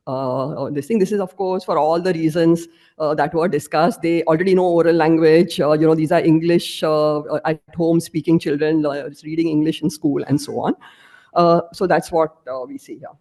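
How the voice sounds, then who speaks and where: Woman, lecturer, mellow tone, explanatory, slide-by-slide academic talk. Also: medium pitch. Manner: explanatory, walks through slides step by step. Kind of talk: academic presentation.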